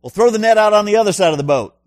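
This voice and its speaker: A man's voice: high voice, lively intonation, racing, pitched above the performer's own voice. Man doing a folksy Southern caller. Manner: folksy, calling out. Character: easygoing man calling out from the shore.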